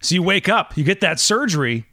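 A man's voice: high-pitched, big pitch swings, fairly quick, bright, forceful tone. A man hosting an interview, enthusiastic and jokey, often repeating words as he stumbles. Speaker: podcast host. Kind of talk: conversational interview.

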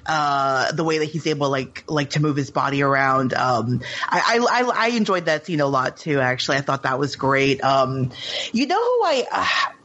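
A woman's voice: very deep voice, big pitch swings, moderate pace, fairly bright tone. A woman guest on a podcast chatting casually about a movie, full of likes and restarts. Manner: chatty, many fillers and restarts. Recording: slightly dull lo-fi sound.

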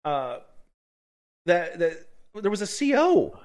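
A man's voice: sits high, big pitch swings, slow, darkish tone. A man co-hosting a podcast, reading news with stumbles and chatting bluntly with plenty of swearing. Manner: blunt, profane, reads news aloud with stumbles. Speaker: podcast co-host. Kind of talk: casual podcast chat.

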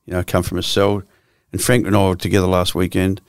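A man's voice: deep voice, monotone, quick pace, clear, resonant tone, no room sound, studio quality. A man in his sixties with an Australian accent, a guest telling his life story bluntly and profanely, full of restarts. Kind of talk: candid storytelling interview.

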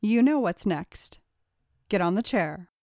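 A woman's voice: medium pitch, animated, takes it slowly, mellow, no echo, studio quality. A woman reading a bossy, cool-headed teenage girl. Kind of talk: storybook reading.

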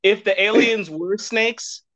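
A man hosting a podcast in casual chat, rambling and excitable and laughing often. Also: high-pitched, takes it slowly, lo-fi sound. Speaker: podcast host.

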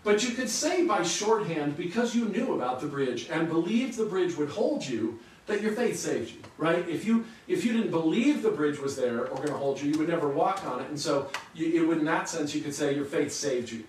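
A man's voice: a little high, animated, normal speed, far from the mic, a little hiss or hum. Preaching man in an echoey room. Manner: earnest teaching with rhetorical questions. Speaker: pastor. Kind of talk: sermon.

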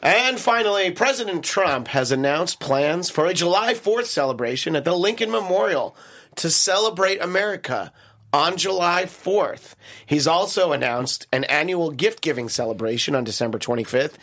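A man's voice: fairly high pitch, expressive, moderate pace, a bit bright. A man putting on a nasal, head-cold voice for a boastful older male politician, drawing out grand announcements. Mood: pompous.

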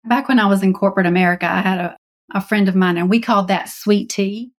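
Female co-host, mid-range voice, lively anecdotal delivery. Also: mid-range voice, quick pace. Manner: animated, chatty storyteller. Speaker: podcast co-host. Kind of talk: casual podcast chat.

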